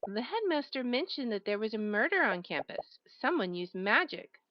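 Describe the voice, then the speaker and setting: A woman streams a visual novel, expressively reading its story aloud and reacting between lines, with background music playing. Her voice is a little high and sing-song at a moderate pace, and the recording sounds dry and dull.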